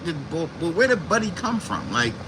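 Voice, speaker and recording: A man on a livestream, talking from inside his vehicle while driving, telling a story in an animated, profane way with sound effects. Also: a little high, moderate pace. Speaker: livestream host. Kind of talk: casual storytelling. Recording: car noise in background.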